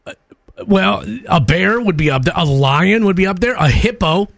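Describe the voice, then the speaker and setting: A man co-hosting a morning radio show, excitable and jokey, laughing often and talking over his co-host. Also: sits high, normal speed, creaky, no room sound.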